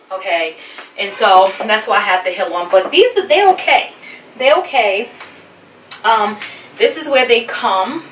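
A woman's voice: medium pitch, a bit bright, echoey room, distant mic, a little hiss or hum. A woman chatting casually to camera about clothes she bought, candid and full of fillers, a little out of breath. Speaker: fashion haul vlogger. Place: busy room at home.

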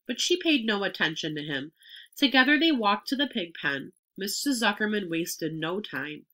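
A woman reading a children's book aloud expressively, now and then stopping to explain a word. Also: medium pitch. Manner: expressive, pauses to explain words. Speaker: reader.

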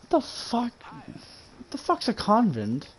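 Profane, animated man streaming a game. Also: slow, breathy edge. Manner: profane and exasperated, swinging up and down in pitch. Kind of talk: casual game-stream chatter.

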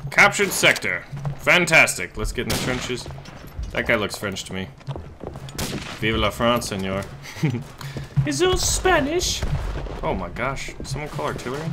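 A man giving excitable let's play commentary while playing a shooter game, often swearing and shouting at the action. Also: medium pitch, unhurried, pauses often, background noise. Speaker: gaming YouTuber. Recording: loud game gunfire behind voice. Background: game gunfire and explosions.

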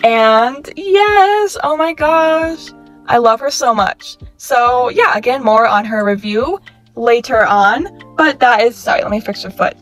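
A woman in her twenties chatting excitedly in a casual haul vlog, gushing and saying "like" often. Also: on the high side, takes it slowly, soft background music. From California. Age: 20s. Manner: bubbly, gushing, chatty with many "like"s. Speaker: YouTuber reviewing toys.

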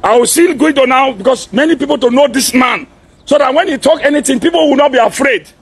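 A pastor delivers an impassioned warning at a very high pitch. His voice is rough and gravelly, heavily husky, and he keeps breaking into forceful shouts, hammering his listener with the same demand again and again. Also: fast. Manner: forceful, repeatedly shouting and demanding "are you hearing me".

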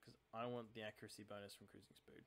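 A man's voice: on the low side, little pitch movement, fast talker, creaky, a little hiss or hum. Chatty man narrating his game. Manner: chatty, analytical, thinking aloud about tactics. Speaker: channel host playing a naval strategy game. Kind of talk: casual let's-play commentary.

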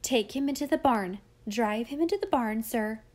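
A woman reading a storybook, voicing a spirited, caring young farm girl who speaks briskly and firmly. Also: fairly high pitch, husky. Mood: stern. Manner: brisk, firm and bright.

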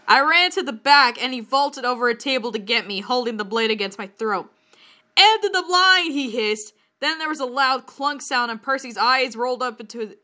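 A woman reading a bad story aloud in a mock-dramatic way, breaking into high laughing shrieks and comments. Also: pushed and bright. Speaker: reader of bad fan fiction.

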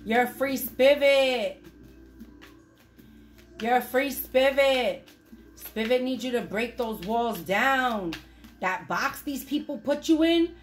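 High-voiced woman giving a spiritual pep talk. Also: slow. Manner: emphatic, repetitive, bursts into shouts. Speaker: spiritual reader channeling messages. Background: music playing.

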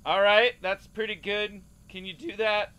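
An actor playing a tired male casting director running auditions in a flat, businesslike way. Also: sits high, measured pace, smooth. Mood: bored.

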